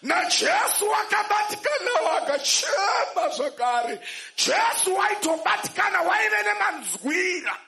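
A man interpreting a sermon, shouting the lines with emphasis. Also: extremely high pitch, sing-song, unhurried, vocal fry, roomy sound, faint music behind.

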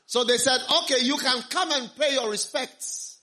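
A man's voice: very high-pitched, normal speed, pushed and bright. A man preaching a sermon through an interpreter, telling a scripture story dramatically and acting out the characters. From studied medicine.

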